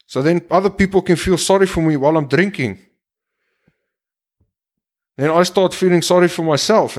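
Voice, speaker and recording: A podcast host with a high-pitched, slightly raised voice delivers an impassioned monologue straight at his listeners. He's blunt and preachy and swears constantly.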